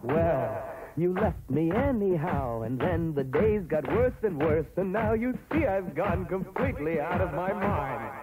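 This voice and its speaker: A man voicing a jilted lover who has cheerfully lost his mind, chanting and giggling with wild leaps in pitch on an old novelty record. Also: lively intonation, a little slow, over loud music, poor audio. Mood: manic.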